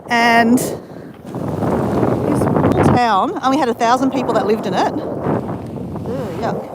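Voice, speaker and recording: A woman's voice: on the high side, expressive, normal speed. A woman chatting on a live stream outdoors on a beach, rambling and answering viewers as she talks. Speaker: vlogger. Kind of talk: casual live-stream chat. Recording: wind buffeting the mic outdoors.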